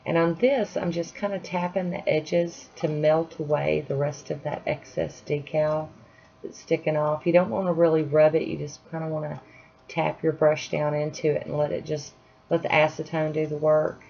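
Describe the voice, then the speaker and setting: Chatty home nail vlogger: a woman with a low voice, unhurried and self-deprecating, on a dull lo-fi track. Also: level tone, gravelly, dark tone. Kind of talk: casual tutorial chat. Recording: dull lo-fi sound, faint hiss.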